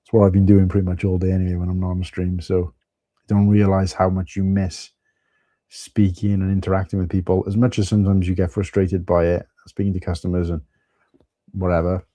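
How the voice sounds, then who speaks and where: Deep, mellow-voiced Welsh man chatting. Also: monotone, a little fast, no echo. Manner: chatty, greets viewers by name, rambling asides. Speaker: livestream host. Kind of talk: casual live-stream chat. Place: at home.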